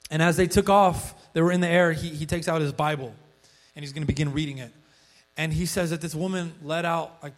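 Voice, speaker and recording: High-voiced male pastor preaching. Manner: conversational storytelling, frequent restarts, rising excitement when acting out quotes. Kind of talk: sermon.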